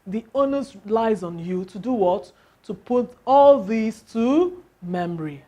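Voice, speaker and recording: A woman's voice: fairly high pitch, animated, slow, warm tone. A woman teaching English word stress, asking the class questions and answering them herself, counting syllables aloud.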